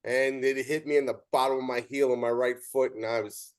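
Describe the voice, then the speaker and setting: A man's voice: medium pitch, fairly quick. A man hosting an interview, an umpire who tells stories animatedly and acts out the dialogue. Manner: animated storytelling with quoted dialogue. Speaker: show host and umpire. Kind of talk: casual interview chat.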